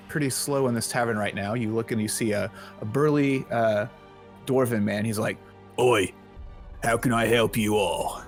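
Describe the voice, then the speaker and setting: Man, game master, slow, hesitant narration, mid pitch. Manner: relaxed, hesitant, many ums.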